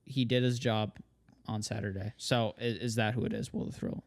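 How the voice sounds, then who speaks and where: A man's voice: lowish voice, fairly even intonation, normal speed. A man co-hosting a sports podcast in casual chat, often hesitating and restarting his sentences. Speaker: podcast co-host.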